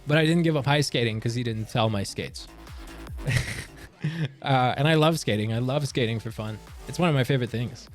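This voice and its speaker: A young man from Canada talking casually on a livestream, reading and answering chat with animated, joking surprise. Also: mid-range voice. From Canada, near Montreal. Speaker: livestream streamer.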